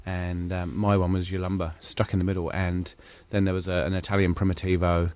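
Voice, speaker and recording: A man's voice: low-pitched, little pitch movement, fairly quick, a little mellow, clear, resonant tone. A man talking casually about wine on the radio, hesitant with many fillers and restarts. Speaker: wine commentator. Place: radio studio. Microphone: studio mic.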